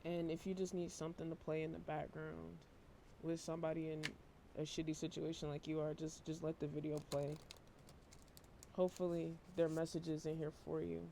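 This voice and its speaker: Man, tarot reader, monotone, worn out, fairly high, gravelly, casual swearing. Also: fairly quick, slight background noise. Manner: flat, low-energy monotone with casual swearing. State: emotionally worn out. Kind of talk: casual tarot reading to camera.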